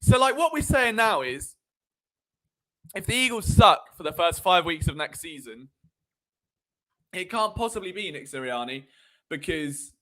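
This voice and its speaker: A man hosting a live sports stream. He talks in an animated, sarcastic way and drifts into tangents. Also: high voice, unhurried, long pauses. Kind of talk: live sports commentary chat.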